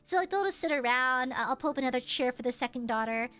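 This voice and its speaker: A young woman streamer chatting casually with viewers, telling stories in an animated, swear-filled way. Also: high voice, fast talker. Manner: animated, swears often, lively storytelling.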